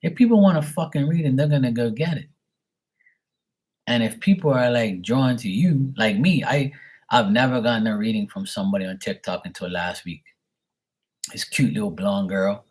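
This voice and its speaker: A man's voice: mid-range voice, normal speed, a little mellow, breathy edge. A man ranting casually and bluntly as a tarot reader from Bermuda, swearing freely and mocking scammers in their own voices.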